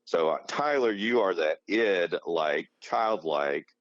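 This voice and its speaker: Deep-voiced man, thoughtful and analytical. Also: lively intonation, takes it slowly, no room sound. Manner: thoughtful, analytical, gently teasing. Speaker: podcast co-host. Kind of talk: casual chat. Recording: slightly dull lo-fi sound.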